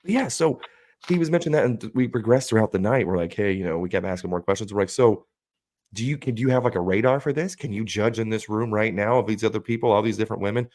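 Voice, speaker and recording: A man with a fairly low voice tells a story on a casual podcast. He acts out each friend's lines with lively swings of voice and swears freely. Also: fast. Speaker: podcast co-host.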